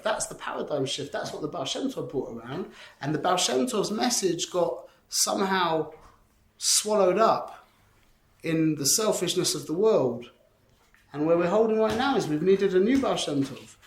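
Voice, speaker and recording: Male teacher, animated informal lesson, slightly raised pitch, roomy echo. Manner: animated, many restarts and rhetorical questions. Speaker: Torah teacher. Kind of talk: informal Torah class.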